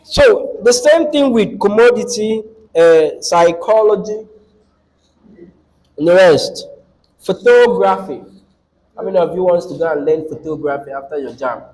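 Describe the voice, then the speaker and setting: A man's voice: sits high, normal speed, darkish tone, poor audio. A man teaching a class on word stress, often putting questions to the students and repeating the key words. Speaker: English teacher. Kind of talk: classroom lecture.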